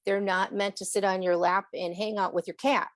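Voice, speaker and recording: A woman's voice: medium pitch, little pitch movement, moderate pace, no echo. A woman on a podcast, chatting in a rambling way about animals and laughing often. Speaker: animal communicator. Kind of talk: casual chat on a podcast.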